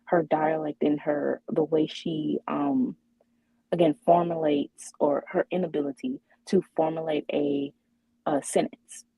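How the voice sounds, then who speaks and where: A woman co-hosting a podcast talks slowly and thinks out loud, with many ums and restarts. Her voice is low and mellow with a husky edge. The sound is dry and close. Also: steady tone, dry recording, low-quality recording. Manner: hesitant, many fillers and restarts. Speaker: podcast co-host. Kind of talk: casual chat.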